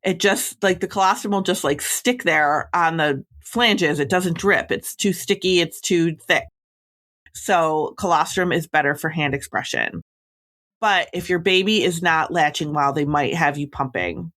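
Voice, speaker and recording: A woman's voice: deep voice, a little slow, fairly bright tone. A woman podcast host with a chatty, reassuring way of talking, giving advice in a casual conversation with many "like" fillers.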